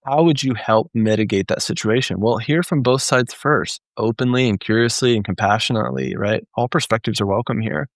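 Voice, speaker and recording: A man's voice: mid-range voice, a little fast, hardly any pauses, no echo. A man, a therapist and trainer, teaching in a live Q&A in a conversational way and often checking in with "right?".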